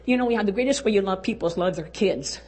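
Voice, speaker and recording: A woman's voice: mid-range voice, fast, a little mellow. An older woman giving a folksy, exuberant testimony talk at a church women's event, urging and cheering her listeners on. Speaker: women's conference speaker.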